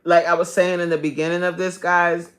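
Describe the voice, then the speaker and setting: A woman fitness coach chatting casually on a live stream, animated and loud, laughing often and swearing freely. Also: lowish voice, brisk.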